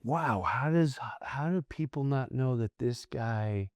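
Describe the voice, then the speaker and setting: A middle-aged American comedian tells stories in a long-form podcast interview, his pitch swinging widely as he acts out other people's voices. His voice sits mid-range and sounds close and dry in the studio. He stumbles and restarts often, then rushes ahead. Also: clear, resonant tone, no echo. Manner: animated storyteller, acts out quoted voices, frequent restarts.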